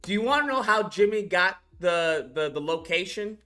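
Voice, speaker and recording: A man's voice: sits high, expressive, normal speed, sharp tone. A man hosting a channel, talking casually and incredulously through a film's scenes, swearing and laughing as he acts them out. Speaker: animation channel host reviewing a film. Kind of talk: casual ranting film commentary.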